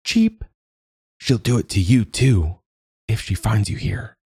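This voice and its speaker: A man's voice: on the low side, animated, slow, warm tone, slightly rough, no room sound, pitched above the performer's own voice, full character voice. A man voicing a small male finch locked in a cage, curt and knowing. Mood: urgent. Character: small caged male finch, wary and cryptic.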